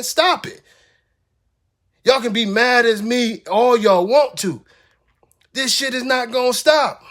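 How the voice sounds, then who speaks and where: Man ranting live on stream, high-pitched, blunt, profane, repeats himself. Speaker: dog breeder ranting on a livestream. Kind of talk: heated livestream rant.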